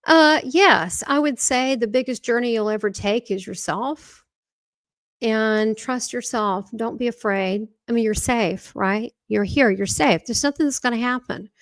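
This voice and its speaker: A woman with a Southern US accent, a guest on an interview podcast, telling stories in a rambling, excitable way. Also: fairly high pitch, unhurried, dry recording. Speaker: guest, spiritual medium. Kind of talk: casual interview talk.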